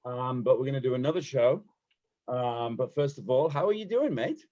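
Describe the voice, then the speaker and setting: Brief: British male co-host, teasing and quick-witted, muffled lo-fi call audio. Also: medium pitch, animated, dark tone. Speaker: podcast co-host. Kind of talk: casual banter.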